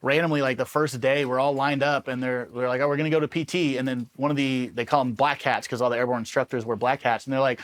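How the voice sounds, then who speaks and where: A man from Los Angeles, a former Army Ranger, telling war stories in a casual, animated interview and swearing freely as he acts out the people he quotes. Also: mid-range voice, fast talker, hardly any pauses. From Los Angeles, USA. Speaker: Army Ranger veteran guest.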